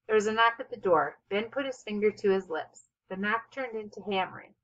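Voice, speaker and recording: A woman reading a children's novel aloud as narrator, with expressive, steady storytelling. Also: medium pitch, fairly quick, highs cut off. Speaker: audiobook narrator. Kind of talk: scripted narration.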